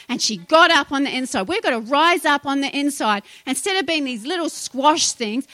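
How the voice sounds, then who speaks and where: Middle-aged woman preacher, high voice, dry close sound, feisty emphatic delivery with loud declarations and quiet asides. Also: expressive, normal speed, dry recording. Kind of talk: sermon.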